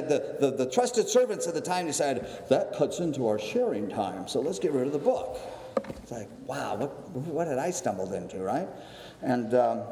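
A man telling his recovery story to a meeting, animated and acting out the voices of others, swinging between excitement and somber reflection. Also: medium pitch, slight background noise. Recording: echoey hall, long reverb.

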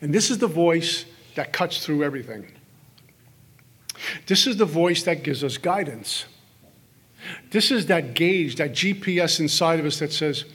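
Speaking live to a recovery workshop crowd in a hall, this middle-aged man has a high-pitched voice that's somewhat husky and a bit bright, with lively intonation. His storytelling is funny, full of quick asides where he performs his inner voices in brief scenes.

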